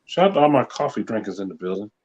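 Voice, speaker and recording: A man's voice: lowish voice, big pitch swings, racing, a little mellow, highs cut off. A man hosting a live podcast, bantering playfully with slang in a loose group chat. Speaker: podcast host.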